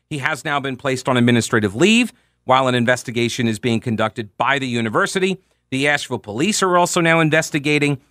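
A man's voice: medium pitch, pushed and bright, no echo, studio quality. A man hosting a radio talk show, recounting a story in an emphatic, conversational way.

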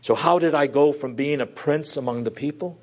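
Male preacher, slightly higher voice, earnest verse-by-verse sermon, loud and soft by turns. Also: moderate pace. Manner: earnest, shifts between loud emphasis and soft drops. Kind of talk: expository sermon.

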